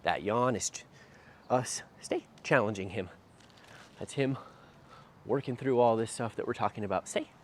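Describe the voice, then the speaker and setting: A dog trainer explains things while walking a dog outdoors by a street, often tacking "right?" onto short phrases. His voice is fairly low, at normal speed with long pauses, and faint outdoor noise is audible.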